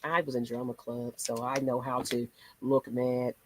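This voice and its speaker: A woman's voice: extremely low pitch, level tone, moderate pace, a little mellow, slight background noise. A woman hosting a fan channel, ranting in a sassy, dramatic way. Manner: sassy, dramatic, rants with mock voices. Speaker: sports channel host. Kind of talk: animated fan commentary.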